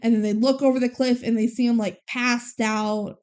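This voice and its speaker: A woman with a somewhat high voice chats through a movie recap for a podcast. She retells the scenes with a lot of life and keeps slipping into the characters' lines as she goes. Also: steady tone, normal speed, a little mellow. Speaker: podcast co-host. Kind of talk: casual chat recapping a movie.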